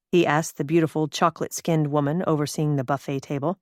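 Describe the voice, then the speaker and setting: Woman narrator, low and dry. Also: fairly even intonation, fast, few pauses, dry recording. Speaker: audiobook narrator. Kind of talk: scripted narration.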